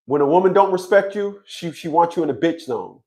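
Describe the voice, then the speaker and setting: A man's voice: on the high side, animated, brisk, darkish tone. Blunt, profane man ranting to viewers. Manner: blunt, profane, stammering restarts. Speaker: online commentator on child support. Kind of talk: casual monologue to viewers.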